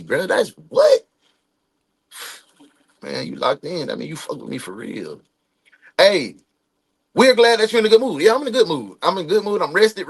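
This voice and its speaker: Man in his forties, livestream host, slangy and preachy, swooping lively delivery, slightly high voice. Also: vocal fry, slightly rough. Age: 40s. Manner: animated, preachy motivational talk, loose slangy speech. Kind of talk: casual livestream chat, greeting viewers.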